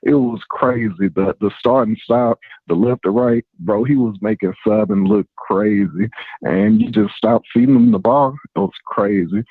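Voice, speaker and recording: A man's voice: on the low side, moderate pace, no room sound. A man calling in to a sports talk show, blunt and profane with many fillers, heard over a phone line. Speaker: caller. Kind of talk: phone-in call.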